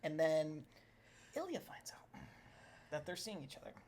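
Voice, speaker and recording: A woman's voice: sits low, big pitch swings, measured pace, darkish tone, slight background noise. A woman co-hosting a podcast, gushing and laughing often in casual chat about a show. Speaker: podcast co-host.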